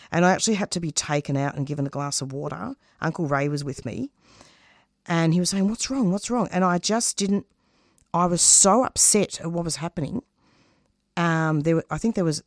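A low-voiced woman speaks with earnest, passionate conviction, halting and restarting as she searches for words. Her voice sits deep for a woman. The sound is close and dry. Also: no echo. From Australia. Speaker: radio producer and host, interview guest. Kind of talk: casual interview talk.

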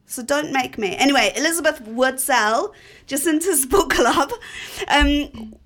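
A woman's voice: high voice, unhurried. A woman hosting a live radio talk show in a studio, chatting and giggling as she tells stories. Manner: chatty, giggly, animated storyteller. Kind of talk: casual chat.

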